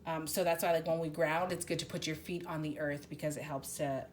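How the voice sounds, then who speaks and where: A woman's voice: low voice, fairly even intonation, fairly quick, slight background noise. Woman giving a blunt, profane tarot reading. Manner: blunt, swears freely, rambling with many restarts. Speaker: tarot reader. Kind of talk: casual spoken tarot reading.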